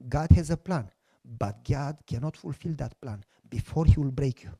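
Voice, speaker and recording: Telling his story in a sermon testimony, this pastor speaks in a mid-range, gravelly, warm voice with a breathy edge and lively intonation at a moderate pace. His English is non-native and grammatically broken, and he acts out others' voices in quotes with emphatic flair.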